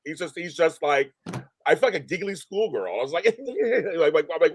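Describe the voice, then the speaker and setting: Gushy guy, voice jumps all over, high-ish, super dry sound. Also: moderate pace, slightly rough, no room sound. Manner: gushing, animated and profane. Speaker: interviewer. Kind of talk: casual chat.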